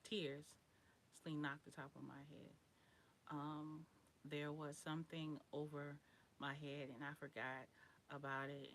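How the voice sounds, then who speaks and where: Young woman live streaming, low voice but bright and chatty, frank with her viewers. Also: slight background noise. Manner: chatty, talks straight to viewers, frank about sex. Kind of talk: casual live stream chat.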